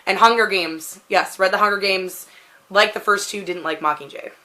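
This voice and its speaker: A woman's voice: mid-range voice, moderate pace, pushed and bright. A woman in her thirties with a Pacific Northwest American accent, rambling casually through a question tag with lots of "like" fillers. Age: 30s. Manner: rambling, chatty, frequent "like" fillers. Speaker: vlogger answering a question tag. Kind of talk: casual chat.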